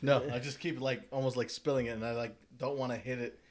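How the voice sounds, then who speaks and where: A young man in a casual beer-tasting chat, excitable and laughing often. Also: mid-range voice, quick pace.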